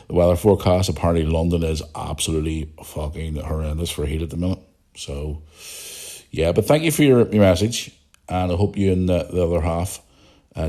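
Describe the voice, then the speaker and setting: Low-voiced, blunt Irish man. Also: dark tone. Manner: blunt and outspoken, swears freely, chuckles often. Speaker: podcast host. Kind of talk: casual podcast chat reading listener messages.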